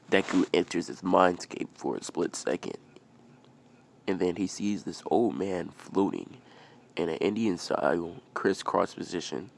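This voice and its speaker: A man's voice: sits low, creaky, slight background noise. A man casually telling a fan-fiction story, rambling and repeating himself as he goes.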